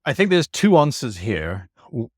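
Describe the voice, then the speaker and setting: A man answering as a guest game master, telling stories in a lively way and acting out quoted remarks. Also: medium pitch, a little slow, slightly rough, no room sound, clean studio sound. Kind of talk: conversational interview answer.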